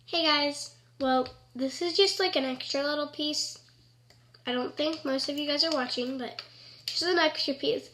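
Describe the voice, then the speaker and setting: A woman's voice: high-pitched, moderate pace, a bit bright. A woman vlogger talking casually to camera, earnest and rambling with lots of "like".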